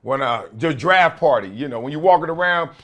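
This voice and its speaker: A man's voice: fairly high pitch, lively intonation, fairly quick, fairly bright tone. A man in his late forties hosting his own talk show in casual commentary, laughing often and using folksy slang. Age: late 40s. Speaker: host.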